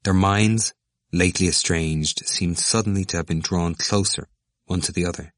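A man reading a novel aloud as an audiobook narrator in a measured, even way. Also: low voice, no echo, studio quality. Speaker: audiobook reader.

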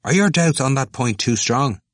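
A man plays a sardonic, probing young student, pitching his voice above his own natural one while staying close to everyday speech. His mid-range delivery is expressive at normal speed, recorded in studio quality without echo.

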